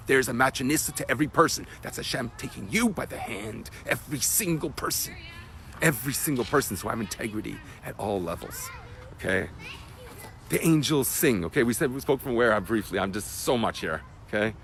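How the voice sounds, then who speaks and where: A man, a rabbi, giving an emotional Torah class that swings from loud bursts to hushed whispers. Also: medium pitch, a little fast, a little hiss or hum. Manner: animated, emotional teaching.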